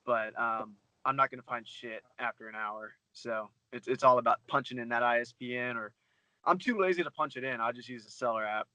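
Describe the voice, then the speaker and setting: Bright-voiced man in casual chat. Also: medium pitch, no room sound, rough recording. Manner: fast, loose, swears freely, many fillers. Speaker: guest, book reseller.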